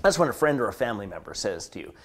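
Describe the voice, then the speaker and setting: Business strategist, scripted pitch, lively intonation, whispered asides, mid pitch. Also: rapid-fire. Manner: dramatic, drops into whispers for emphasis; acts out contrasting inner and outer voices. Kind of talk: scripted promotional address.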